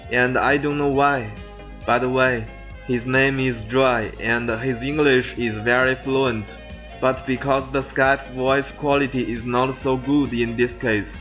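Man hosting in careful, halting English. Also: mid-range voice, a bit bright, muffled recording. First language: Chinese. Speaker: podcast host. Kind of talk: casual interview in English.

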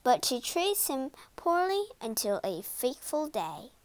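Young kid reading a storybook out loud, slow, high bouncy voice, dry close sound. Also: female voice, big pitch swings, dry recording. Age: child reader. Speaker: storybook reader. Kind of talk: reading a children's story aloud.

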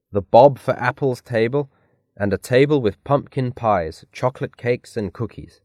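Slow, careful storybook reader, a man. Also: fairly low pitch, no echo, clean studio sound. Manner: slow, careful read-aloud delivery. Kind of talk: scripted narration of a children's story.

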